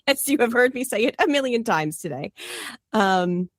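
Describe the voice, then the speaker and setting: A woman's voice: on the high side, animated, moderate pace, no echo, clean studio sound. Laughing, chatty Canadian woman. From Toronto area, Canada. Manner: chatty, laughs often, digressive. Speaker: podcast co-host. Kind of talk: casual chat.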